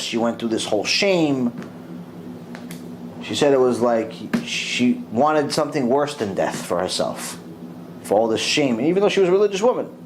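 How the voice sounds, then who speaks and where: A middle-aged man, a rabbi, giving a Torah lecture and retelling a story with animated delivery, dropping Hebrew religious terms. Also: mid-range voice, a little hiss or hum, rough recording.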